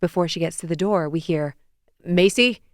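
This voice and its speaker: A young woman narrates a first-person romance audiobook with wry, lively storytelling. Her voice is smooth and a little low. It is recorded close on a dry studio mic. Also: fast, no room sound. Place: studio booth.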